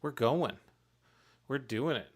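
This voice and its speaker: A man's voice: mid-range voice, expressive, slow, breathy edge. A man casually narrating his work on a live stream, thinking aloud and chuckling at his own mistakes. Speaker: streamer making pixel art for a game.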